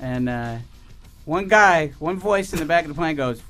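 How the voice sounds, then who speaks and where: A man in his forties telling a comic story as a radio guest, animated and laughing, acting out other voices. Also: on the high side, moderate pace, faint music behind. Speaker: comedian guest. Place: radio studio.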